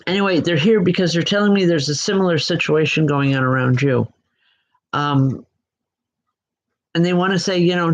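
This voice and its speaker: A woman giving live online psychic readings in a gentle, reassuring way, often pausing and restarting her sentences. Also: on the low side, low-quality recording. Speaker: psychic medium. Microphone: computer mic.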